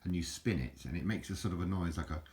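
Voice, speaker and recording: Deep-voiced man rambling on camera. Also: darkish tone. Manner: halting, many restarts and fillers, self-mocking jokes with chuckles; drops into mock Aussie slang for fun. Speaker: video host showing an object. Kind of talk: casual rambling show-and-tell. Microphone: handheld camera, filming one-handed.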